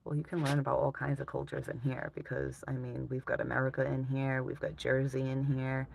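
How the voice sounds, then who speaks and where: A woman's voice: rumbling low, flat delivery, fairly quick, creaky, a little hiss or hum. A woman live streaming, chatting casually with her viewers, laughing often and swearing freely.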